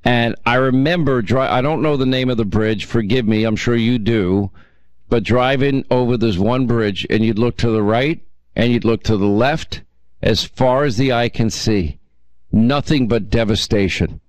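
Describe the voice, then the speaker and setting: A man's voice: mid-range voice, moderate pace, no room sound. A man hosting a call-in radio talk show, chatting and reminiscing with callers. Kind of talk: casual call-in chat.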